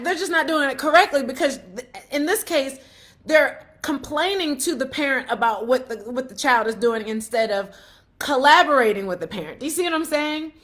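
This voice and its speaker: A middle-aged woman talking casually to the camera, telling a school story with lively retold quotes and checking in with the listener as she gives parenting advice. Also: sits high. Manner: animated storytelling, laughs often, acts out quotes; repeats questions to the listener. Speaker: parent vlogger giving advice.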